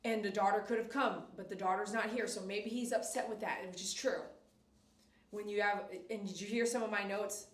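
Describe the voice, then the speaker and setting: A woman's voice: mid-range voice, fairly even intonation, a little fast, distant mic. A middle-aged woman dog groomer chatting on a live stream in her salon, giving emphatic, repetitive advice and coaxing a dog. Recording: echoey room, voice off-mic.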